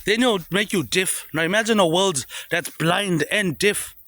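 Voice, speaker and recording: A man delivering a rambling, repetitive monologue, tagging lines with a low "mate, eh". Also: a little slow, a bit bright, dry recording. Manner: repetitive, trailing "mate, eh" tags dropped low. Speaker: vlogger.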